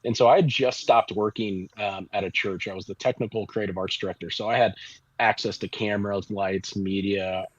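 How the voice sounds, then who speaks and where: A man's voice: on the low side, steady tone, brisk, husky, no echo. A man from the Kansas City area, a barbecue pitmaster guest, telling a long rambling story in a casual interview with lots of restarts. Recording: dull lo-fi audio.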